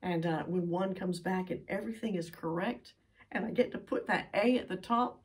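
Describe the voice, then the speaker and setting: A woman's voice: on the low side, moderate pace, darkish tone, recorded from a distance. Older woman preaching earnestly from off-mic. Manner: earnest, pleading, with emphatic sighs of "oh". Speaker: Bible teacher. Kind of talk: sermon.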